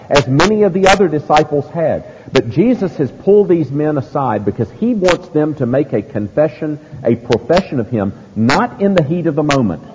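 Man, pastor, expository sermon, emphatic and deliberate, long reverb, loud hiss. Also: medium pitch.

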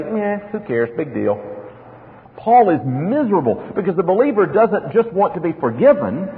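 A male pastor preaching an expository sermon, asking rhetorical questions and acting out little dialogues. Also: sits high. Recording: tinny lo-fi sermon recording in a reverberant hall.

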